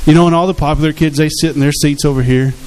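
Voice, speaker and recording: Pastor preaching conversationally. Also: male voice, fairly high pitch, steady tone, quick pace, a little mellow, smooth, low-quality recording. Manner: conversational preaching, asks the congregation questions. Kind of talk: sermon. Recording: faint hiss in the background.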